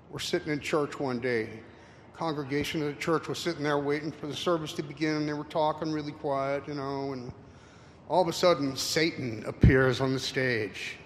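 Rambling man in a reverberant hall. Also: a little high. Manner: rambling, halting, many fillers. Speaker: presenter. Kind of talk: casual slide talk with anecdotes. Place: room with an audience. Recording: reverberant hall, faint noise.

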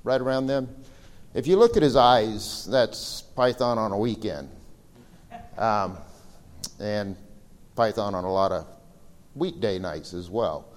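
A man's voice: on the low side, lively intonation, slow pace, long pauses. A man giving a slideshow seminar talk, telling stories in a casual, rambling way with fillers. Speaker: seminar presenter. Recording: reverberant hall recording.

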